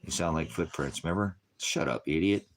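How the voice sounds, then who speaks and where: A man with an extremely deep voice delivers a rambling online sermon. He answers his viewers in a mocking, combative way, swears freely and keeps breaking into chuckles. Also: a little fast, slight background noise. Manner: chuckles often between remarks. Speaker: online preacher. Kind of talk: ranting livestream sermon answering comments.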